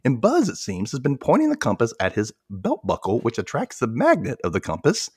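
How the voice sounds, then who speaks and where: Animated man recapping a show. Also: mid-range voice, a little fast, slightly rough, no echo, studio quality. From Memphis. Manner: animated, acts out characters' lines, laughs often. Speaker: podcast host. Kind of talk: casual chat recapping a TV episode.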